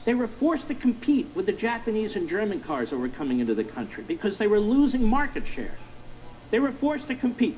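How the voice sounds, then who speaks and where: A man's voice: high-pitched, darkish tone, low-quality recording. A middle-aged man hosting a political commentary monologue, emphatic and repetitive, firing rhetorical questions at his listeners. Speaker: talk show host.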